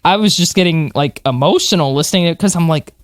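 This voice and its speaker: A podcast co-host telling stories in an animated way, with plenty of fillers and laughs. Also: mid-range voice, quick pace, no echo, clean studio sound. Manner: animated storyteller, many fillers, laughs while talking. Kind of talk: casual chat.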